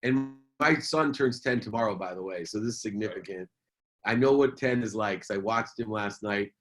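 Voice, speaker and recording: A man's voice: fairly low pitch, moderate pace, a bit bright. A middle-aged man, a businessman and motivational speaker, telling a personal story as a podcast guest in an earnest, emphatic way, repeating key phrases.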